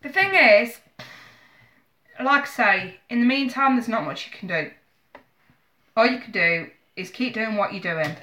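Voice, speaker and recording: A woman's voice: medium pitch, normal speed, sharp tone, echoey room. A woman giving a live tarot reading from home, speaking earnestly and emotionally to a viewer. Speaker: tarot reader.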